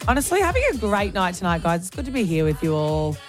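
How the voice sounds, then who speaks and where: A young woman with a low voice hosts a radio show with chatty, gushing energy. Faint music plays softly behind her. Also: sing-song, fast talker. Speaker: radio co-host. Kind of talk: casual radio banter.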